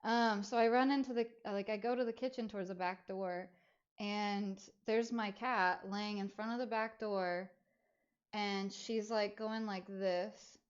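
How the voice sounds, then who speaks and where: A woman streamer casually telling a long personal story, rambling with lots of fillers and an animated retelling. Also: mid-range voice, a little slow, muffled recording.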